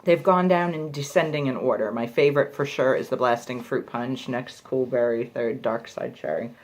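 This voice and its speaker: A beauty reviewer with a bass voice and a darkish tone talks at normal speed while trying out lip balms. The product review vlog is chatty, with her thinking aloud to camera and poking fun at herself.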